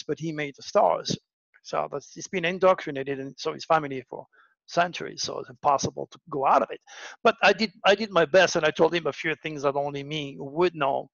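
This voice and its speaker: Gravelly dramatic male storyteller, muffled sound. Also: on the high side, a bit bright, no room sound. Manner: dramatic, repeats words for emphasis. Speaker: astrology show host. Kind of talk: personal storytelling monologue.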